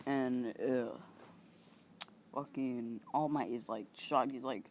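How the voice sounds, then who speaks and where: A male channel host casually improvising a story, halting and rambling with many fillers and some mild swearing. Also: medium pitch, steady tone, slight background noise.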